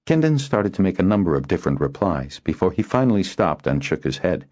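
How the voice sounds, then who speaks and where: A man reading an audiobook aloud as narrator, in a steady storytelling delivery. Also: sits low, brisk, highs cut off. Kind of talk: scripted narration.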